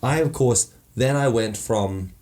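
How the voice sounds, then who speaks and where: A man co-hosting a podcast, telling a story in casual, animated chat, swearing and acting out quotes. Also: medium pitch, unhurried. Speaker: podcast co-host.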